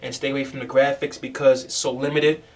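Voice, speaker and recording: A man's voice: mid-range voice, flat delivery, brisk, darkish tone, far from the mic. A man, a music producer, casually walking through a tutorial on his screen, loose and chatty with fillers. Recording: voice a bit off-mic over music.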